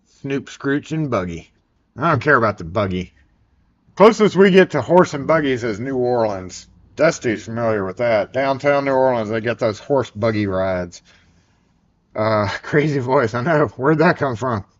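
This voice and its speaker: A man's voice: mid-range voice, expressive, normal speed. A man with a Southern US accent hosting a casual live stream, rambling and joking as he chats. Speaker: livestream host. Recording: dull lo-fi sound.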